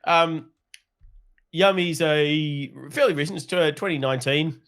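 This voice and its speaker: A man's voice: fairly high pitch, normal speed, a bit bright. A man co-hosting a horror film podcast in casual chat, enthusiastic and swearing freely. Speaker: podcast co-host.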